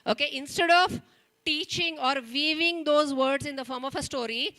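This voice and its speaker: A woman's voice: high-pitched, fairly even intonation, moderate pace, sharp tone. A woman with an Indian English accent training teachers, telling a story and stressing each sound emphatically, often checking in with "okay?". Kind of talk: storytelling workshop demonstration. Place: school training hall.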